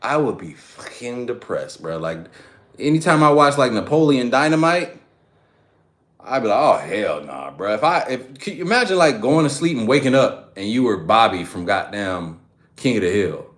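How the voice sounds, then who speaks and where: A man's voice: medium pitch, lively intonation, normal speed, a bit bright. A man chatting loosely on a live stream, slangy, profane and rambling. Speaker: fitness streamer. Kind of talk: casual live-stream chat.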